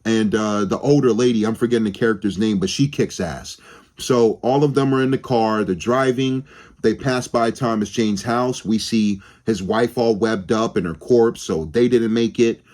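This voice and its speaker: With a lowish, slightly mellow voice at a moderate pace, a young movie review vlogger talks through a film on his channel. He rambles casually, swears freely, and frequently starts his sentences over.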